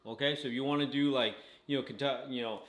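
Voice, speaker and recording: Man, mid pitch, chatty food review vlog, keeps saying okay, roomy home kitchen echo. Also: steady tone, fast talker, fairly bright tone. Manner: chatty, tags lines with "okay?", talks while eating. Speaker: channel host.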